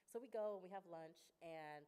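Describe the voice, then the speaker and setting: A woman's voice: lowish voice, moderate pace, dark tone, smooth. A young adult woman giving a conversational sermon at a women's church service, acting out quoted dialogue and laughing often. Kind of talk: sermon with personal stories.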